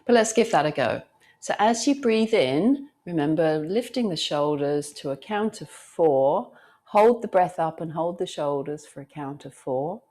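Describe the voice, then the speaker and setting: A woman teacher guiding a yoga class, talking gently and soothingly and counting breaths aloud. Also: low-pitched, normal speed. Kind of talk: guided yoga class instruction.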